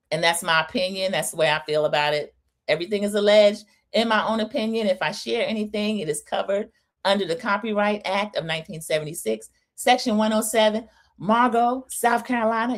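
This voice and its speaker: A woman's voice: mid-range voice, a little fast. A middle-aged woman hosting a live recap, chatty and scolding, calling her viewers y'all. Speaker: recap show host. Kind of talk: live opinion recap, casual chat.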